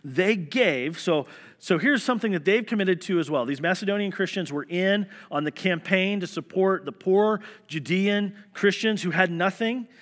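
A man's voice: high voice, normal speed, a bit bright, big-room sound. A man preaching a sermon as pastor, earnest and conversational, often restarting his words.

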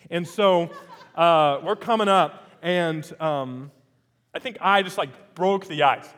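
A male pastor telling a personal story in a sermon, chatting at times and building to loud, emphatic preaching. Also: a little high, slow. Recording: long hall reverb.

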